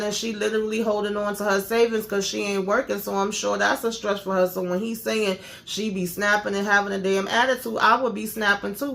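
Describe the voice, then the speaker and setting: A woman vlogger giving a casual, opinionated recap of a reality show, sassy and blunt, acting out what the people on it said. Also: lowish voice.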